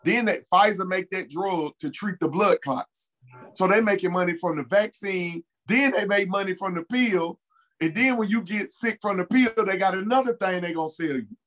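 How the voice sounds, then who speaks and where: An interview guest, a man with a fairly high voice, recounts events in loose, casual speech. He is earnest and emphatic and often repeats his key points. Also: moderate pace, a bit bright, poor audio. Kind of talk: casual conversational storytelling.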